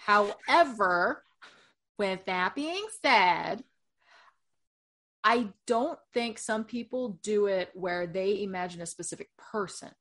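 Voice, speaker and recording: A woman guesting on a casual podcast, speaking in a middle-pitched, everyday voice. She is frank and deadpan, drops swears casually, and talks through dark subjects without fuss. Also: slow pace. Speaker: podcast guest, true crime show host.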